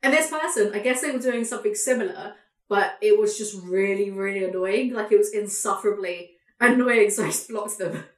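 A woman hosting a podcast, ranting in a casual chat, animated, sweary and sarcastic. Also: mid-range voice, fairly quick, roomy sound. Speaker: podcast host, YouTuber.

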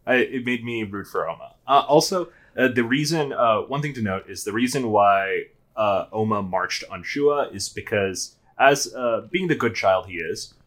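Low-voiced man joining a podcast chat. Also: normal speed, few pauses. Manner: relaxed, agreeing and adding hesitant comments. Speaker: podcast co-host. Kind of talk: casual book club discussion.

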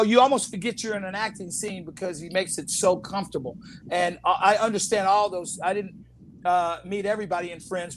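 Actor guest, high voice, animated storyteller, slight background noise. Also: male voice. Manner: animated storyteller, laughs often, acts out quotes. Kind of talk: casual storytelling interview.

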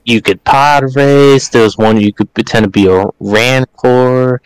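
A man's voice: mid-range voice, steady tone, unhurried, smooth, no room sound, poor audio. A young man co-hosting a podcast in casual chat, laid-back and rambling with lots of fillers. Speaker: podcast co-host.

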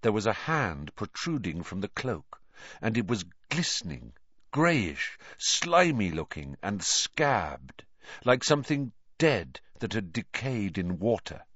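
A man reading an audiobook aloud in a slow, dramatic, expressive way. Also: on the low side, breathy edge, no echo, highs cut off. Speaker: audiobook reader. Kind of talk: audiobook narration.

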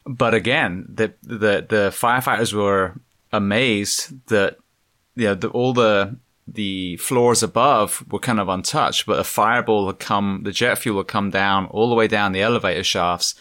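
A podcast host with an English accent, from England, talking in a reflective, halting way with many fillers. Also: male voice, on the low side, fairly bright tone, no room sound, studio quality. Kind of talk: casual interview conversation.

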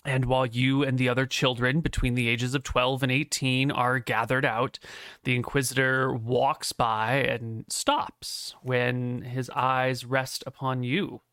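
A man running a tabletop game as game master, describing the world casually and padding his talk with fillers. His voice is bright and forceful, recorded dry and close. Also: mid-range voice, level tone, measured pace, smooth, no room sound.

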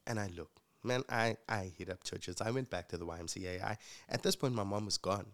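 A low-pitched man from with a gravelly, creaky edge to his voice. He talks in a casual interview, earnest and reflective, with plenty of fillers as he tells a personal story. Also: fairly quick, a bit bright. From South Africa. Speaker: guest and future co-host.

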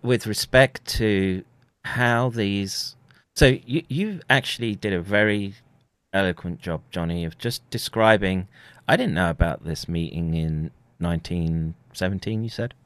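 A man hosting a casual conversation, talking in halting, rambling stretches with frequent restarts. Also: low-pitched, fairly bright tone, no echo. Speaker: podcast host.

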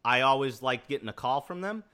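A young man co-hosts a relaxed interview and asks questions in a loose, rambling way. His voice is bright and forward, and he laughs between his sentences. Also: mid-range voice, brisk. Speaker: podcast co-host. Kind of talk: casual interview chat.

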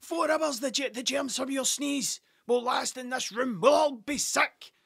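A Scottish man voicing a hysterical middle-aged male schoolteacher who rants and shouts in a shrill, frantic voice. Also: unhurried, creaky, husky, heavily acted. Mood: panicked ranting.

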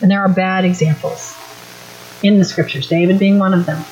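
A woman's voice: mid-range voice, fairly even intonation, moderate pace, darkish tone, slight background noise. A middle-aged woman giving an earnest, direct church teaching talk at a parenting workshop. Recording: dull lo-fi recording.

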